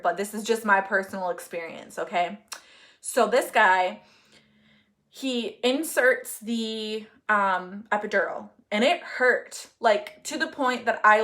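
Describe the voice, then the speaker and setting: A woman's voice: mid-range voice, a bit bright. A young woman talking casually on a live stream, telling a long personal story with lots of fillers and asides to viewers. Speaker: host of a live Q&A.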